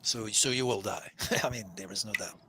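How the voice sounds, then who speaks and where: A man in a casual discussion, explaining Hebrew scripture in an animated way with frequent restarts. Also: lowish voice, normal speed, creaky, slight background noise.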